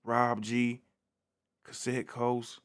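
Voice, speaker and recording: A man's voice: mid-range voice, monotone, drawn-out words, clear, resonant tone. A man hosting a casual solo podcast, talking in a laid-back, slangy way and peppering his talk with "man". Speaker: podcast host.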